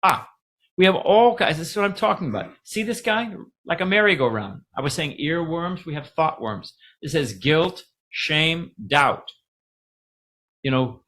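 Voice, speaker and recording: A middle-aged man giving a casual, joking spiritual talk, pausing to ask the audience questions. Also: on the high side, expressive, fairly bright tone.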